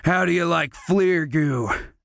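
A sneering teenage bully with a raised, taunting voice, as a male narrator puts him on, from a fantasy storybook. He talks down to his victim, mocking and leering, loud and bossy, with a dry, close sound. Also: high voice, slow pace, creaky, dry recording, pitched above the performer's own voice, exaggerated voice. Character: taunting teenage human bully, tall and flabby, 17.

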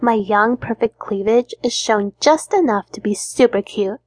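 A woman's voice: fairly high pitch, unhurried, no room sound. A woman reading a first-person audiobook in a petulant, sulky young-adult tone. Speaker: audiobook narrator.

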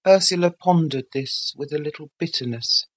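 A woman reading a classic novel as an audiobook narrator, in a measured literary manner. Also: low-pitched, husky.

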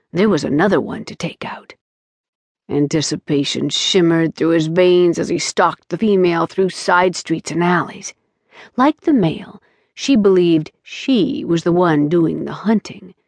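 A woman narrating an audiobook in a steady, measured storytelling manner on a close studio mic. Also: on the low side, dry recording. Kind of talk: scripted narration.

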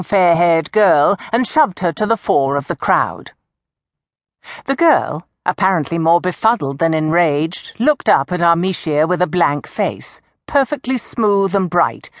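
In a clean studio recording free of echo, a deep-voiced woman reads an audiobook with measured, expressive delivery.

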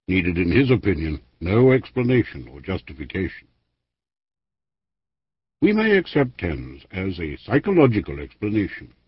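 Lively, husky male history narrator. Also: on the low side, no echo. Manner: measured, formal reading with lively emphasis. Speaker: audiobook narrator. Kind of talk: scripted narration of a history book. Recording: dry, dull lo-fi studio recording.

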